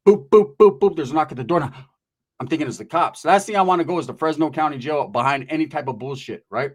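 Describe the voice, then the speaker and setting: A man's voice: fairly high pitch, fast, slightly rough. A young man telling a crude, slangy comic story, tagging lines with "right?".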